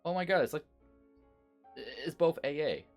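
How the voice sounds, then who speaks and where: A man's voice: a little high, expressive, measured pace, soft background music. A man casually commenting while streaming a video game, musing and chatty.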